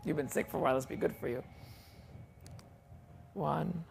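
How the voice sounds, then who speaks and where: A woman's voice: low voice, moderate pace, vocal fry, darkish tone, slight background noise. A woman leading a qigong class with chatty, folksy instructions and asides, in a fitness studio. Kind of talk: guided exercise class. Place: martial arts and fitness studio.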